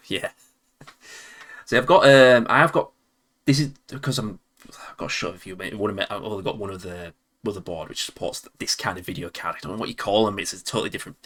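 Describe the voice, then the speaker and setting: A low-sitting, fairly bright male voice belongs to a game streamer from Leeds with a Yorkshire accent. Playing old games on a casual live stream, he rambles and chuckles, talking to himself as he goes.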